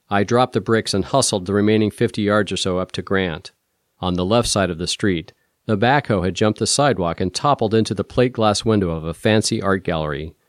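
A man narrating a first-person audiobook in a steady, measured storytelling voice. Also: fairly low pitch, no room sound, studio quality.

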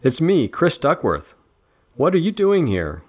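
A man's voice: medium pitch, sing-song, brisk, natural voice. A man voicing a fussy, theatrical man wearing a ball gown.

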